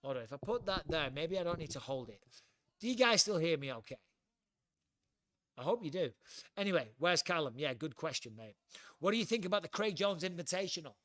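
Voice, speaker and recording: A man's voice: a little high, lively intonation, brisk, long pauses, a bit bright, no echo. A middle-aged man with an English accent, hosting a casual livestream from home, chatty and blunt, swearing freely. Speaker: livestream host.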